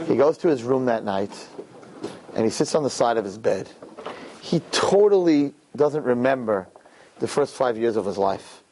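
A man telling a parable in a conversational, animated way, often checking in with "right?". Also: medium pitch, moderate pace, a little hiss or hum. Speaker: storyteller. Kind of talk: animated storytelling talk.

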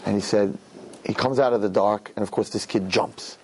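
A man telling a parable in a conversational, animated way, often checking in with "right?". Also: on the low side, normal speed, a little hiss or hum. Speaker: storyteller. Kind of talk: animated storytelling talk.

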